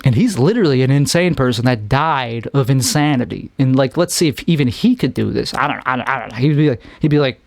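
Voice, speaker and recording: A man's voice: mid-range voice, animated, quick pace, vocal fry, hardly any pauses, a little mellow, no echo. A man from Chicago with a Chicago accent, rambling through a solo podcast monologue, often restarting and trailing off. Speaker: podcast host.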